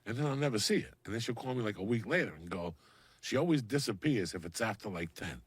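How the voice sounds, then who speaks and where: A middle-aged man tells a story in a rough, gravelly, husky voice. He sits fairly low, but his pitch leaps around a lot as he puts on other people's lines, and the talk is casual and full of swearing. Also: quick pace, no echo. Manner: profane, animated, acts out voices in his stories. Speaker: podcast guest.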